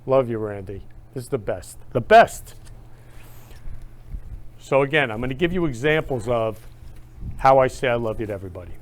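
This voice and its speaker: Excited guy hosting his own talk show, gushy and repetitive, gets loud on the big bits. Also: mid-range voice, quick pace. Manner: gushing, repetitive, swings up loud on key phrases. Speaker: host. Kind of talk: enthusiastic casual monologue.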